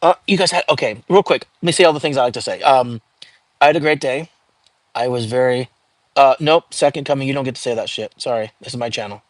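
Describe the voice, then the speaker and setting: Male livestream host, casual chatter to viewers, mid pitch, dry close sound. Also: fast, no echo. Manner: chatty, frequent fillers, reads out viewer comments.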